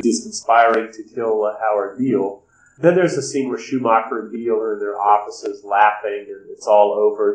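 Man recapping a film in a roomy space. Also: on the low side. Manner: discursive, recounting scenes with frequent "uh" pauses. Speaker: film commentator. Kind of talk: spoken film analysis and recap. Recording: roomy echo.

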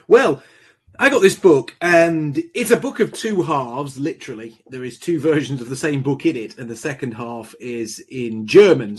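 Deliberate man with a husky voice. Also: medium pitch. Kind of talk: book discussion.

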